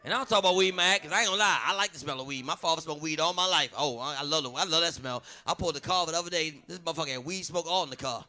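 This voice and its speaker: A man's voice: a little high, very fast, hardly any pauses, pushed and bright. A man from Baltimore doing a profane stand-up comedy set, brash and laughing at his own jokes.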